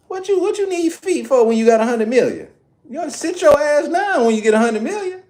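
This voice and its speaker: A man putting on the voice of his older mother, brash and profane, scolding him loudly. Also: very high-pitched, lively intonation, fairly quick, pitched above the performer's own voice. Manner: loud, incredulous scolding.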